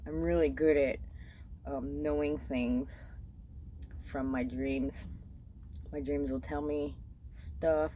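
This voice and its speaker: A woman's voice: sits low, a little mellow, slight background noise, rough recording. A woman vlogger casually recounting a dream, rambling and swearing freely. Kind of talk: casual storytelling.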